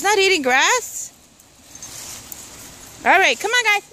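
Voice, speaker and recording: A woman's voice: on the high side, sing-song, normal speed, bright, forceful tone. A woman outdoors among leaves and trees, calling and coaxing her pets in a sing-song way. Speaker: dog owner. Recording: noisy outdoor recording.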